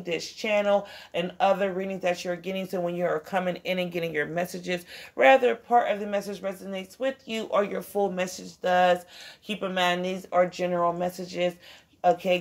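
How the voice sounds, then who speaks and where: A tired woman with a raspy voice giving a casual tarot reading, loose and slangy, talking to her listeners as guys, honey and child. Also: lowish voice. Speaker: tarot reader.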